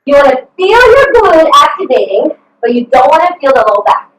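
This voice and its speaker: A woman's voice: high-pitched, very animated, moderate pace. Upbeat woman coach whooping on a call. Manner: upbeat, encouraging, cheers with whoops. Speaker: fitness coach. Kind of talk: live online workout instruction. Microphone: video call. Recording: echoey video call from a distant mic.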